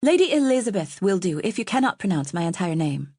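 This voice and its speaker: A woman's voice: medium pitch, sing-song, fairly quick, warm tone, breathy edge, no room sound, clean studio sound. A woman voicing a proud young noblewoman who speaks in a commanding, curt way. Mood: pointed.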